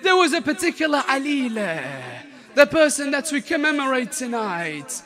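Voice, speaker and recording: A man preaching a mourning sermon, impassioned, breaking into shouted and chanted lament. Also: extremely high pitch, big pitch swings, moderate pace.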